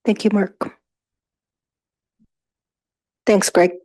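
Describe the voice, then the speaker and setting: A woman's voice: medium pitch, steady tone, very slow, mellow, rough recording. A woman chairing a council meeting, briefly calling on speakers by name.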